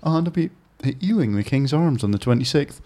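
A man's voice: mid-range voice, lively intonation, brisk, warm tone. A man co-hosting a comedy podcast, joking and laughing along. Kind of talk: casual chat.

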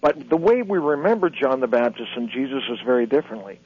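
Guy explaining stuff earnestly as a radio guest, kinda halting, muffled sound. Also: mid-range voice, lively intonation, slightly rough. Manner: earnest, lecturing, halting restarts. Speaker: guest, author and lecturer. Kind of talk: radio interview.

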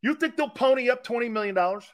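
With a very high-pitched voice, lively intonation and fast talk, a sports radio host rambles on his show. He's brash and profane, speaking directly to listeners and edgy from a short night's sleep.

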